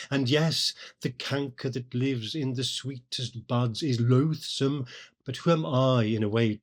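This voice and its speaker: Slow, measured male literary commentator. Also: medium pitch. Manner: measured, deliberate explanation. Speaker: podcast host.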